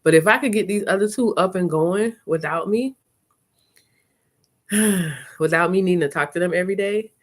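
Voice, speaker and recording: Chatty woman vlogger, lowish voice. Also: moderate pace, pauses often. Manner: chatty, animated storytelling with laughs. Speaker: content creator. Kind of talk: casual live-stream chat.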